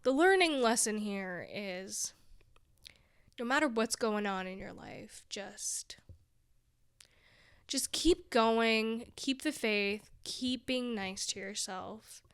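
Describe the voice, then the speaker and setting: A woman's voice: fairly high pitch, takes it slowly, smooth, no room sound, clean studio sound. A young woman hosting her own podcast, rambling in a casual monologue, weary and discouraged but laughing at herself, near tears at times. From big city. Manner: rambling, self-deprecating, laughs often. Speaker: podcast host.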